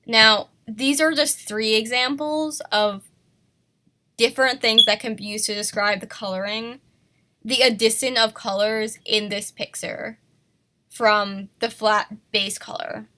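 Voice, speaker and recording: Bright-voiced woman, slow and sick. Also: fairly high pitch, steady tone. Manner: self-conscious, laughs at herself, apologetic. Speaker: art tutorial host. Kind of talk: casual art lesson.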